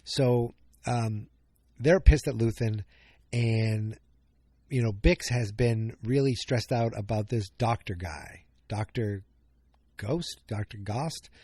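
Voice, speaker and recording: A man hosts a casual solo podcast recap, rambling and correcting himself as he thinks aloud. He sounds a little tired, and his voice sits at a middle pitch. The recording is close and dry, with no room sound. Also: slow, warm tone, dry recording. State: yawning, tired. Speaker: podcast host.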